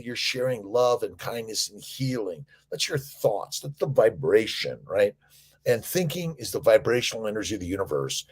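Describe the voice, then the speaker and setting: Gravelly, husky man on a rambling morning livestream. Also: mid-range voice, darkish tone. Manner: rambling, upbeat, motivational, greets viewers by name. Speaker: fertility doctor hosting a morning livestream. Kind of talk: casual livestream chat reading viewer comments. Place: indoors.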